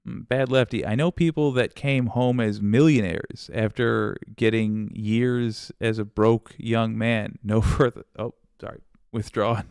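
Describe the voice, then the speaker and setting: Male livestream host, low and gravelly, sarcastic and loose, swears and laughs while reading chat. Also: steady tone, a little slow, a little mellow, dry recording, clean studio sound. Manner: rambling, sarcastic, swears freely, laughs often. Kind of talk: casual livestream chat reading viewer comments.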